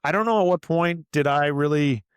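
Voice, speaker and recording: Speaking a little high and at a moderate pace, a middle-aged man chats as a podcast guest in a casual interview, earnestly rambling through an explanation of his author and coaching work with plenty of "you know" and "like." His tone is clean, and the studio-quality recording carries no room sound.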